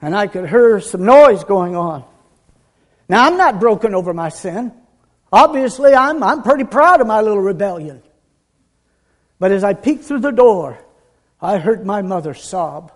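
A man preaching a sermon with earnest conviction, dropping to a hush and building to emphatic peaks. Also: high-pitched, animated, measured pace, pauses often.

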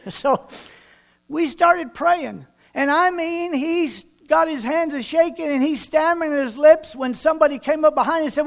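Preacher guy, high gravelly voice, folksy storytelling sermon. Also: moderate pace. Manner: folksy storyteller voicing people in his tale.

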